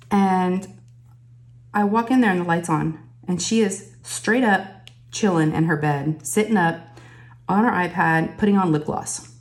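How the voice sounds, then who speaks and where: A woman, hosting a crafting channel and telling stories in a casual, animated way, jumping up in pitch to quote people. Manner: says "oh my gosh" and "y'all" often. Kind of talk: casual chatty storytelling.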